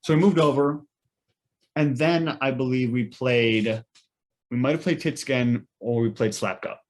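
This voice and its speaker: A man's voice: medium pitch, measured pace. A young man, a podcast co-host, telling a rambling weekend story in casual chat with lots of fillers and restarts.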